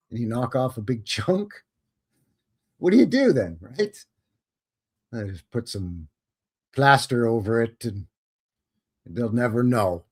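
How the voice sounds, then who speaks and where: A man's voice: mid-range voice, animated, unhurried, pauses often, a little mellow, husky. A man hosting a live show who comments casually on photos, with a wry and joking manner that turns easily to amazement. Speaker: host.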